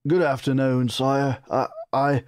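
Man voicing a nervous, stammering messenger; higher than his own voice, humble, dry close sound. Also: little pitch movement, measured pace, darkish tone, no room sound, close to an everyday voice. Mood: nervous, apologetic. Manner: stammering, deferential.

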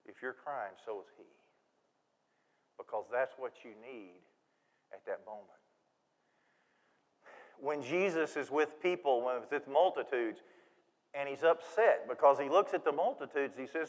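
A man preaching a sermon in a church, folksy and animated, acting out quoted voices. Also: mid-range voice, a little slow, pauses often. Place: church sanctuary. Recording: long reverb of a church hall.

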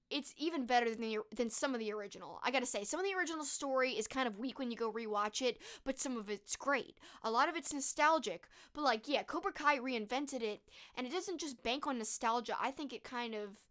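A woman's voice: fairly high pitch, a bit bright. Chatty, gushing young woman streamer. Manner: gushing, chatty, full of fillers. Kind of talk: casual chat reading viewer comments.

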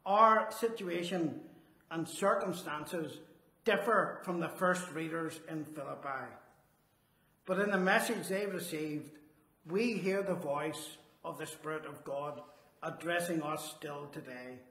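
A man preaching a sermon, earnest and emphatic, slowing down on his key phrases. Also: a little high, pushed and bright. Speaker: Salvation Army officer preaching. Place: church hall. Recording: echoey church hall.

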